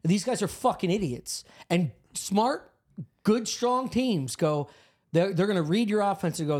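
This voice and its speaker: High, animated, profane man. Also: normal speed. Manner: profane, acts out quoted voices. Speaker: comedian podcast co-host. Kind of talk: casual podcast chat.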